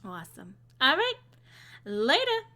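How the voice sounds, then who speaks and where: Woman streamer, casual and playful, bright slightly high voice. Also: wildly swooping pitch, unhurried. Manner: chatty, playful, with frequent fillers.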